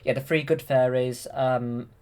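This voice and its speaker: A man's voice: medium pitch, fairly even intonation, a little slow, a little mellow. Man hesitantly retelling a film. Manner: hesitant, many fillers and restarts. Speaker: channel host. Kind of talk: casual retelling of a film from memory.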